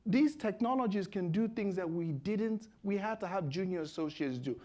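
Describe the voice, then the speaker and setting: Mellow-voiced lawyer on a panel, emphatic, lectures students. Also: male voice, high-pitched, animated, normal speed. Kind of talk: panel discussion.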